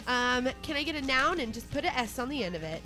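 A woman's voice: high-pitched, animated, quick pace, rough recording. Chatty woman radio host over music. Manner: upbeat, chatty, laughing often, prompting the others. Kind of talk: playful morning-show banter, running a word game. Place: radio studio. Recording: loud music bed under studio talk.

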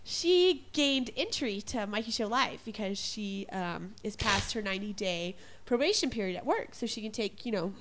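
A woman co-hosting a radio show, chatting casually in a giggly, gushing, animated way. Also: medium pitch, normal speed, few pauses, slight background noise.

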